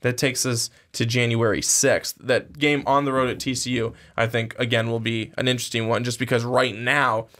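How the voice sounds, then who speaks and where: A man's voice: mid-range voice, level tone, moderate pace, few pauses, sharp tone. Rambling male podcast co-host. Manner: rambling, restarts often. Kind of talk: casual sports talk.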